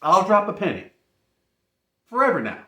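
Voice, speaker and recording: A man casually telling an embarrassing personal story, animated and laughing as he goes. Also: sits high, moderate pace. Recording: roomy echo.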